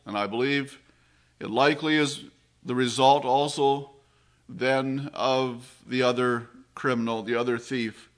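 Slow, measured male preacher. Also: medium pitch, a bit bright. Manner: slow, measured preaching with solemn drops in volume. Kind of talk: sermon.

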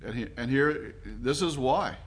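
A man from Canada preaches a sermon in an earnest, reflective way. He often pauses, fills gaps and restarts his phrases as he thinks aloud. His voice sits at a middle pitch for a man. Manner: earnest, reflective, with frequent fillers and restarts, growing quieter and slower.

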